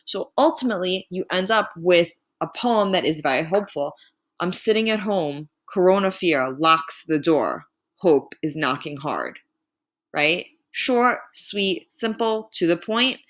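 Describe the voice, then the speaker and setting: A woman teacher giving a remote lesson to students, clear and patient, slowing down to sound out words. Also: lowish voice, animated, fairly bright tone.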